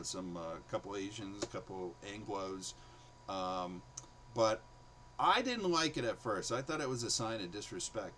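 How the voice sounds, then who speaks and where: A man's voice: lowish voice, slight background noise, low-quality recording. A man, a former teacher, telling stories from his classroom days in a casual monologue, acting out the students' lines. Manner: animated, acts out students' voices in quotes.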